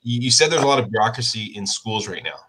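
A man hosting a podcast, chatting casually and halting with restarts as he asks questions. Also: on the low side, sharp tone, slightly rough, low-quality recording. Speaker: podcast host. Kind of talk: casual interview chat.

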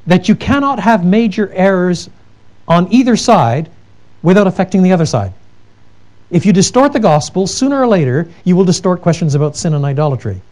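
A man's voice: high-pitched, darkish tone. A man giving an earnest theology lecture, telling stories with emphatic repetition and frequent restarts. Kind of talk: lecture with told anecdotes.

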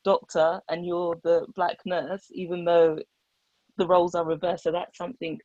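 Young woman doctor, low voice, earnest storytelling, dull dry sound. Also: level tone, moderate pace, darkish tone, no room sound. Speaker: doctor, guest speaker. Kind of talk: casual discussion.

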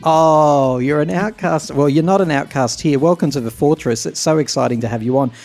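A man's voice: on the high side, a little fast, darkish tone, soft background music. A man with an Australian accent hosting a podcast in casual, teasing chat over a remote call. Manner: teasing, chatty. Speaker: podcast host.

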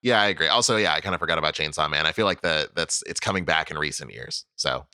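A man with a very low voice and a bright, forceful edge chats as a podcast co-host. He jokes and swears casually, and the recording is dry and close. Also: fast talker, no room sound. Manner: animated, jokey, swears casually. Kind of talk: casual chat.

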